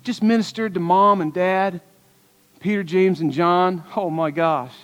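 Male pastor, high voice, earnest storytelling sermon, recorded in a church sanctuary with a long reverb tail. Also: fairly even intonation, measured pace, a bit bright. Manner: earnest, storytelling preacher with rhetorical questions.

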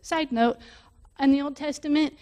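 A woman preaching a sermon, reading scripture aloud and stopping to explain it, growing louder on key points. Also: sits high, fairly even intonation, normal speed. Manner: reads scripture aloud and breaks off to explain it, rising with emphasis.

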